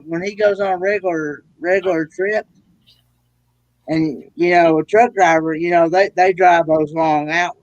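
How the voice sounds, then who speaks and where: A man from East Tennessee with a Southern drawl, chatting casually on a livestream and telling stories in halting, repeated phrases. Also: high-pitched, no echo, dull audio. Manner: halting, repeats words while telling a story. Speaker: livestream guest. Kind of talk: casual chat.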